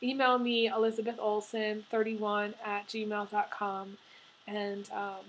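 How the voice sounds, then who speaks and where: A woman's voice: medium pitch, level tone, measured pace, rough recording. A woman giving a casual tarot reading to camera, emotional and crying as she talks, with many ums and restarts. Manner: emotional, tearful, laughing through tears. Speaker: tarot reader.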